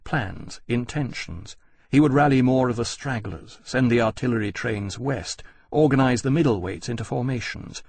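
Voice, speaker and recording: Husky male audiobook narrator. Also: mid-range voice. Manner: measured, steady storytelling. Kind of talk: scripted narration.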